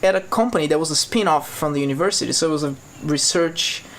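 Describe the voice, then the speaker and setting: A man in his twenties from Brazil, with a Brazilian Portuguese accent, telling stories in a casual vlog, animated and laughing often. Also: fast talker. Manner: animated, laughing often, acting out quotes in a higher voice. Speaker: vlogger.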